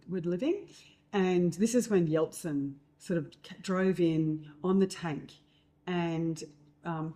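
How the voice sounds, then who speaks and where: Mellow-voiced woman telling a story. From Australia. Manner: animated storyteller, acts out quotes in a higher voice. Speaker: host. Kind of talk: casual storytelling chat.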